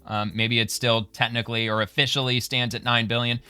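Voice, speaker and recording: Bright, smooth-voiced male commentary host. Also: mid-range voice, little pitch movement, brisk, dry recording, soft background music. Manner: reads posts aloud, then remarks on them conversationally. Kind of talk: casual political commentary.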